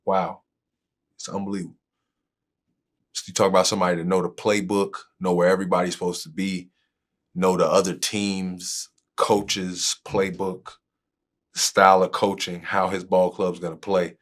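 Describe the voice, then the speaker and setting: A man's voice: sits low, normal speed. A man recalling playing with a teammate, talking casually and acting out the calls he heard on court. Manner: animated, acts out on-court calls. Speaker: former teammate. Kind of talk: casual anecdote.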